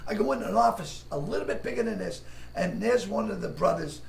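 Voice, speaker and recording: A man with a Boston accent telling raunchy show-business stories in casual chat, acting out other people's lines loudly and with plenty of profanity. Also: high voice, expressive, a little fast, vocal fry, slight background noise. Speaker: comedian guest telling stories. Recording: echoey room with faint ambience.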